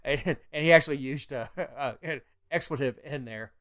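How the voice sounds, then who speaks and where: A man's voice: medium pitch, moderate pace, a bit bright. A man co-hosting a political podcast, talking bluntly and opinionated in casual chat. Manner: blunt, opinionated, drops into mocking impressions. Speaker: podcast co-host.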